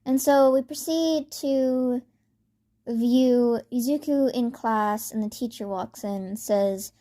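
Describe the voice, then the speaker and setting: A woman casually retelling a fan-made story in a rambling way, full of fillers. Her voice sits fairly high. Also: slow, mellow.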